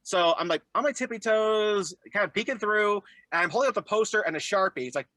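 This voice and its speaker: A young man telling stories in a casual interview, animated and jumping into high voices when he quotes people. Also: a little fast, no echo. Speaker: guest.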